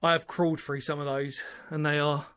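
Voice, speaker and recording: A man's voice: a little high, level tone, a little fast, fairly bright tone, smooth. A man exploring an underground bunker alone and chatting to his channel viewers, rambling and enthusiastic. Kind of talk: casual solo exploring vlog. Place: inside a small underground brick bunker in woodland.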